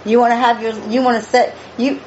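Woman, Bible study teacher, fairly high voice, repeats key phrases, dull lo-fi recording, faint room ambience. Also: level tone, fairly quick, a little mellow, a little hiss or hum. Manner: reads scripture aloud and explains it.

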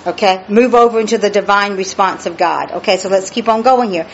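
This woman's mid-range voice moves fairly quickly as she delivers a Bible study sermon. She stretches her phrases with emphasis, puts questions to the listeners, and breaks into exclamations of praise, all on a dull lo-fi recording carrying faint noise.

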